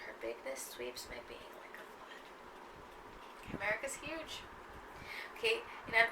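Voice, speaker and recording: A woman's voice: medium pitch, vocal fry. A woman from Texas teaching a poetry class in a conversational way, often checking in with "okay?" and "right?". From Texas, USA. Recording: echoey room, distant mic, noisy.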